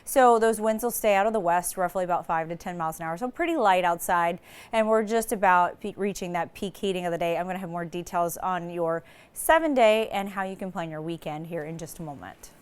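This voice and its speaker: Woman, TV weather forecaster, lowish voice, chatty, loose delivery. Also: a little fast, clear, resonant tone. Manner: casual, many "so" starts and small restarts. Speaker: TV meteorologist.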